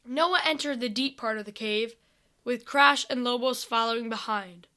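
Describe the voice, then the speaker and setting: Woman reading a fantasy story out loud, high bright voice, takes her time. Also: moderate pace.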